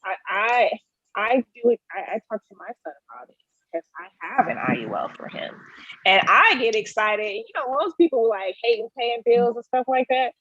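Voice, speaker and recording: A woman's voice: fairly high pitch, lively intonation, moderate pace, fairly bright tone, dry recording, dull audio. A woman co-hosting a casual talk show in an upbeat, encouraging way. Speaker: podcast co-host. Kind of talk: casual chat.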